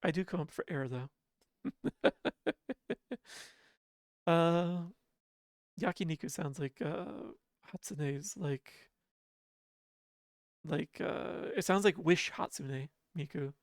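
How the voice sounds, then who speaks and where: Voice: medium pitch, slow, long pauses, dry recording, studio quality. A livestreamer chatting casually with viewers from home, laughing often and poking fun at themselves. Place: home apartment.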